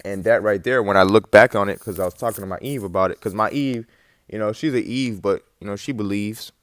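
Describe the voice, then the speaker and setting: A man's voice: fairly low pitch, a little fast, a bit bright, dry recording. A man giving a casual spoken religious testimony, rambling and slangy, with lots of fillers and the odd swear word.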